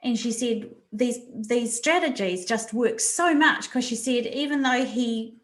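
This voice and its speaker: Woman, webinar presenter, bright and emphatic, echoey room. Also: fairly high pitch, unhurried. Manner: animated, repeats words for emphasis. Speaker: resilience coach presenting a webinar. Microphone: video call mic.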